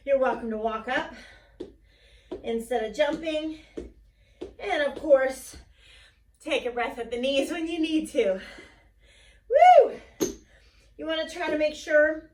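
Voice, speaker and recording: A woman's voice: high voice, darkish tone, far from the mic, a little hiss or hum. A woman leading a home interval workout, cheering and counting down the seconds, recorded in a basement. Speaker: fitness instructor. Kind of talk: coaching a workout class. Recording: roomy echo, voice a bit off-mic.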